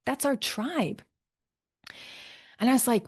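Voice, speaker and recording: A middle-aged midlife health coach hosts her podcast solo, speaking at a normal speed in a lowish voice. She's upbeat and chatty, often tagging lines with "right?".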